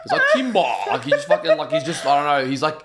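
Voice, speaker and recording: A man's voice: a little high, racing, background noise. A man co-hosting a reaction video, chatting casually about a TV episode, rambling with frequent restarts and swearing. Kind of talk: casual chat reacting to a TV show.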